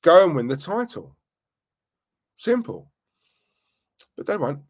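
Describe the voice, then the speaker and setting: A man's voice: a little high, big pitch swings, slow pace. A man hosting a live football stream, talking earnestly and repeating himself, with plenty of fillers. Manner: earnest, repetitive, chatty, uses fillers like "you know". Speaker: football channel host.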